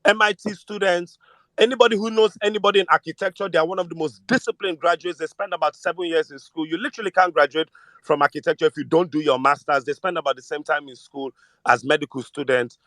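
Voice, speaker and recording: A Nigerian man with a Nigerian accent talking politics in casual, animated chat, switching between Pidgin and English. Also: fairly high pitch, quick pace, no echo. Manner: animated, mixes Pidgin with English, mimics voices. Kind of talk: casual political chat in a live audio space.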